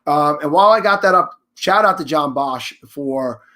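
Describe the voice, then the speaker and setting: Man, stream host, slightly high voice, chatty and emphatic, loose casual announcements. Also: expressive, normal speed. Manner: chatty and emphatic, with frequent restarts and shout-outs. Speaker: host of a live charity stream.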